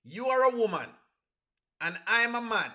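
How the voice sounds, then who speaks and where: Bright, high Jamaican man streaming. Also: lively intonation, normal speed. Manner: asks the chat rhetorical questions, creole grammar. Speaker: reaction streamer. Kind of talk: casual live reaction commentary.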